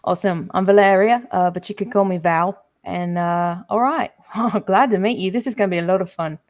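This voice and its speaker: A woman's voice: medium pitch, a little fast. A woman playing a tabletop game, talking casually with many fillers. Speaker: player. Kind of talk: tabletop role-play.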